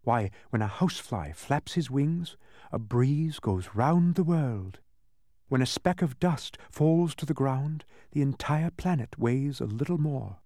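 A man reading aloud, voicing a grave, quiet, wise young princess in a storybook. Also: medium pitch, a little slow, dry recording, studio quality. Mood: gentle, wise. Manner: calm, quiet, patient.

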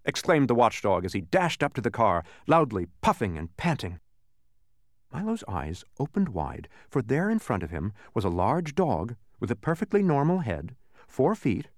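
A man reads a children's story aloud with a lively, swooping voice. His delivery is animated and expressive. It is recorded close and dry, with no room sound. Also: medium pitch, moderate pace, no room sound. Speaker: narrator. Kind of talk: audiobook narration.

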